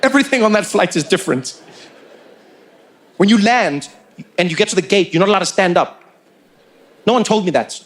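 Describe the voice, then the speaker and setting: A man doing stand-up comedy storytelling, animated and playful, slipping into quick impressions. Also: high voice.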